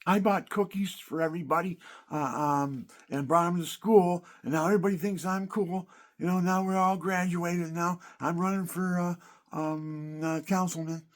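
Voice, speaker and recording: A man's voice: high-pitched, steady tone, moderate pace, voice pushed up, close to an everyday voice. A man mocking a smug popularity-seeking small-town guy. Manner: boastful, dim, hesitant.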